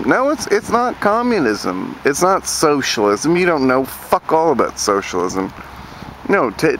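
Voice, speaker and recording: A man from Virginia delivering an angry, profane rant to camera, sneering at opponents and mocking them in shrill put-on voices. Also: fairly bright tone, a little hiss or hum. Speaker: vlogger ranting to camera.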